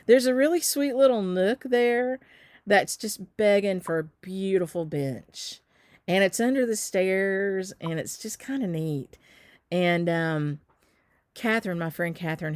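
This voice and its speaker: Southern lady chatting on a live stream, lots of ums, lowish voice, dry close mic. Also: a little mellow, dry recording. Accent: Southern American. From Southern United States. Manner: chatty, reads out viewer comments, many ums. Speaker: shop owner hosting a live stitch. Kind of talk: casual live-stream chat.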